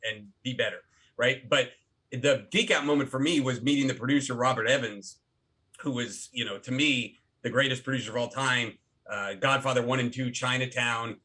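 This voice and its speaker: A middle-aged actor and filmmaker telling stories as a podcast guest, animated and full of restarts. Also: male voice, mid-range voice. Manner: animated storyteller with many restarts. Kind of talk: casual interview talk.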